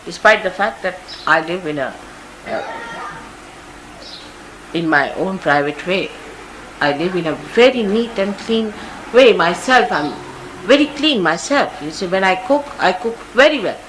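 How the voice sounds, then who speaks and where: Older Indian woman telling stories, bright voice. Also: medium pitch, expressive, unhurried, long pauses, slight background noise, rough recording. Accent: Indian English. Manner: anecdotal, conversational, often says "you see". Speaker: spiritual teacher. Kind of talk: spiritual talk to followers. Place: large indoor gathering.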